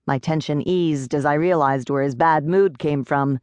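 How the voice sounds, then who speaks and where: Audiobook narrator, woman, lower register, dry booth sound. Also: normal speed, few pauses, darkish tone, no room sound. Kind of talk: first-person audiobook narration.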